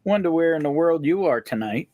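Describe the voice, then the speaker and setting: A playful male host chatting on a livestream, his voice sitting high and swooping all over the place as he jokes and greets viewers. The sound is close and dry, with no room around it. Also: animated, a little fast, dry recording, phone-quality sound. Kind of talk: casual livestream chat.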